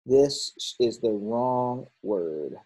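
Working aloud through workbook answers, a man teaches grammar, thinking out loud and correcting himself as he proceeds. He speaks very slowly in an animated, husky, mid-range voice on a low-quality recording.

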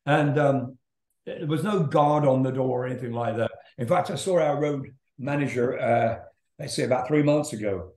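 A man's voice: medium pitch, moderate pace, a little mellow. An older man, a rock singer, telling a rambling story in a casual interview, laughing and swearing as he goes. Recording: roomy echo.

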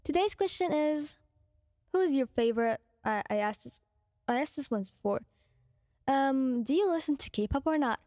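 Chatty, fairly high-voiced woman. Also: expressive, moderate pace, darkish tone, no room sound, studio quality. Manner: chatty, rambling, bubbly. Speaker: ASMR creator. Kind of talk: casual chat to viewers.

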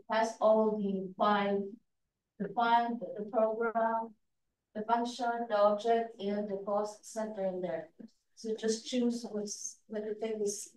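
A slow, halting woman with a non-native accent walks a group through a training presentation. Her voice is dark and mellow, and it comes from a distance in an echoey room. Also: medium pitch. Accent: non-native English accent. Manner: halting, many fillers and restarts, laughs often. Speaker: state education staff trainer.

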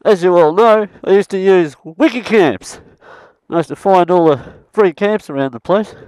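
A man's voice: high voice, moderate pace, darkish tone, smooth, dry recording. An Australian man vlogging outdoors in the bush, rambling and swearing mildly as he chats. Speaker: travel vlogger. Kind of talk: casual self-filmed chat.

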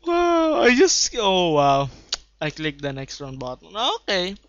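A young man giving live gameplay commentary, bursting into excited shouts and then muttering low asides. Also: measured pace, smooth. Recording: dull lo-fi home recording.

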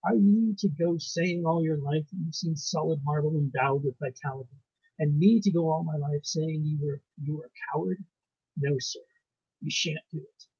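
A man reading aloud, voicing a big, blunt Irish country doctor with an Irish accent and a gruff, scolding manner. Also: fairly high pitch, fairly even intonation, normal speed, a little mellow, dry recording. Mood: scoffing. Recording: muffled lo-fi recording.

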